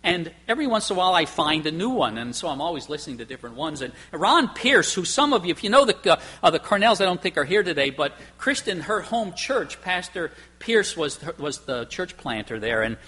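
A man's voice: fairly high pitch, very animated, a little fast, few pauses, sharp tone, husky. A man preaching a sermon to his congregation in an emphatic, conversational way, asking rhetorical questions. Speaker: pastor.

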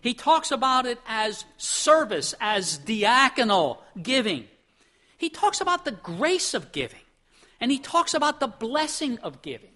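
A man's voice: very high-pitched, sing-song, measured pace, pushed and bright. A middle-aged male pastor preaching a sermon in a conversational, storytelling way, with chuckles.

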